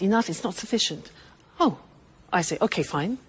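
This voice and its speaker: A woman teaching an English lesson in a clear, deliberate, expressive way. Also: on the low side.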